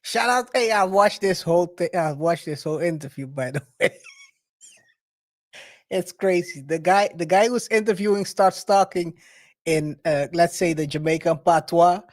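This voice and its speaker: A man co-hosting a podcast, chatting in an animated way with quick restarts and shout-outs. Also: high-pitched. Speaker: co-host. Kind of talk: casual podcast chat.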